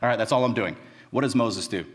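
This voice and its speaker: A college pastor preaches a sermon, retelling scripture in an animated, conversational way with casual asides. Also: male voice, mid-range voice, quick pace. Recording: long reverb of a large hall.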